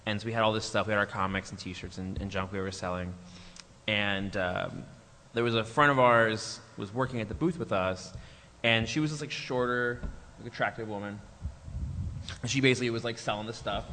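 A man with a bright, sharp voice tells a lively story on a convention panel, laughing along the way. A long hall reverb hangs on his voice. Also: lowish voice, a little fast. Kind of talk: casual anecdote on a convention panel. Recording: hall reverb, faint noise.

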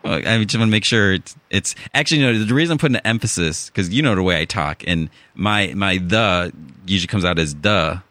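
A man's voice: on the low side, expressive, quick pace, few pauses, sharp tone, no room sound. A man with a Chicago accent, hosting a casual podcast chat and rambling through restarts and fillers. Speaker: podcast host.

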